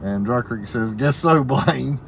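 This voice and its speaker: A man with a drawl hosts a relaxed live stream, reading viewers' comments out loud and laughing along. His talk is folksy and easygoing, at an ordinary middle pitch. A faint vehicle hum sits underneath. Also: a little slow, vocal fry. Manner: reads comments aloud, laughs often, folksy southern phrasing. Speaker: livestream host reading viewer chat. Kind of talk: casual live-stream chat.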